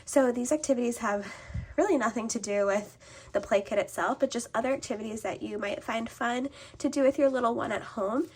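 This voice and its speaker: A woman's voice: a little high, a little fast, a little hiss or hum. A young woman, a stay-at-home mom, reviewing a toy kit in casual chat, audibly out of breath, with lots of ums and likes. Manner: chatty, many ums and likes.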